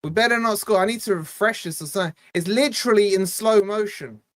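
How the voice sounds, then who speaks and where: A man hosting a football fan channel's live watch-along, bantering casually with his chat and breaking into quick play-by-play commentary. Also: sits high, no echo, studio quality. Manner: chatty, teasing, jumps between quiz talk and play-by-play.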